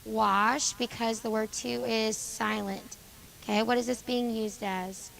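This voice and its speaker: A woman teacher going over grammar exercises with a junior high class, calling on students by name and confirming their answers. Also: steady tone, measured pace, creaky, a bit bright, a little hiss or hum, poor audio. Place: school classroom.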